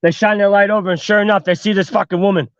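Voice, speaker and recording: A man's voice: high voice, steady tone, quick pace, fairly bright tone, highs cut off. A man hosting a podcast, telling a horror story casually with heavy swearing and lots of "like". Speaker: podcast host.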